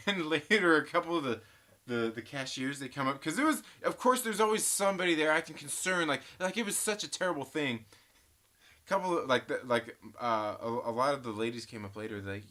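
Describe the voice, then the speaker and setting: A man's voice: on the high side, expressive, brisk, sharp tone. A man hosting a casual live stream, telling rambling stories full of swearing and frequent laughter, and reading chat comments aloud.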